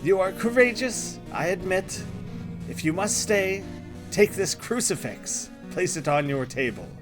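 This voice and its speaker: A man reading aloud for a solemn male village priest in a horror game, speaking slowly and gravely. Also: sits high, animated, over music, voice pushed up. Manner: slow, grave and declamatory.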